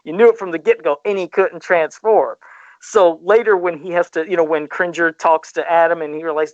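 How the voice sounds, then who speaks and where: Higher-voiced man recapping a cartoon excitedly. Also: normal speed, dry recording. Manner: animated storytelling, recapping plots. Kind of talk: casual podcast chat. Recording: dry, dull lo-fi podcast audio.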